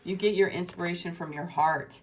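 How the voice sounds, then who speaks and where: A woman's voice: lowish voice, steady tone, a little fast, faint music behind. A woman giving a tarot reading to her viewers in an effusive, rambling, spiritual way. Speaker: tarot reader.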